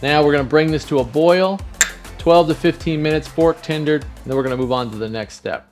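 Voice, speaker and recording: A man's voice: a little high, steady tone, fast talker, soft background music. A man hosting a casual cooking demonstration, talking straight to the viewers with lots of jokes. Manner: jokey, talks straight to viewers. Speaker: home cook.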